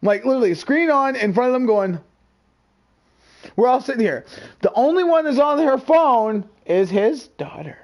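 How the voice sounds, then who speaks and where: High-voiced man telling a rowdy story. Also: moderate pace. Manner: animated, profane, acts out quoted voices. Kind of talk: casual storytelling while gaming.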